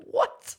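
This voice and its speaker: Giggly podcast host reading listener messages. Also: pushed and bright. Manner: giggly and amused, bursts of high laughter, casual swearing; mixes in French and German words, sounding them out slowly.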